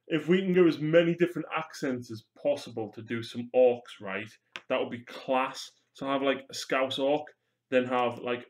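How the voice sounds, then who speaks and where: A young man, chatting casually and joking while he paints miniatures on a live stream. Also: medium pitch. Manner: joking, rambling, swears casually.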